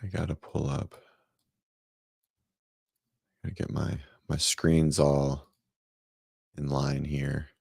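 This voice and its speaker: A man's voice: very deep voice, level tone, takes it slowly, vocal fry, long pauses, darkish tone, husky, dry recording, studio quality. A man hosting a casual morning fitness livestream from home, chatting loosely, greeting viewers by name and rambling as he goes. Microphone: desk microphone.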